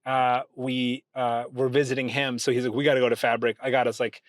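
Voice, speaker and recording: Man, host, casual car chat, animated storyteller, dry close sound. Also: brisk, no echo. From Texas. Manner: animated storyteller, high-pitched put-on voices for quoted people. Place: inside a car.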